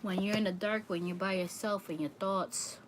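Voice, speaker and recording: A woman's voice: medium pitch, steady tone, normal speed, background noise. A woman giving a livestream tarot reading, talking earnestly and repeating phrases for emphasis. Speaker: tarot reader.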